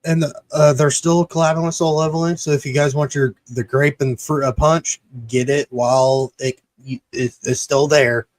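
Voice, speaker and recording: A podcast host rambling through a sponsor read in a slightly high voice, swearing and stumbling as he goes. His mic sound is close and dry, with no room around it. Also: fairly even intonation, moderate pace, hardly any pauses, no room sound.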